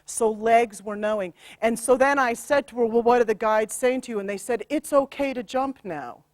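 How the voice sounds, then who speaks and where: A woman's voice: a little high, moderate pace, a little mellow, no room sound. A woman working as an astrologer and healer, animatedly recounting a client session with frequent laughter and acted-out quotes. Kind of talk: storytelling about a client session.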